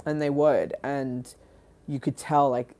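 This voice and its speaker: A woman with a very low-pitched voice hosts a casual livestream chat. She rambles candidly, laughing often and swearing freely. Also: fairly even intonation, takes it slowly, mellow. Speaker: livestream host.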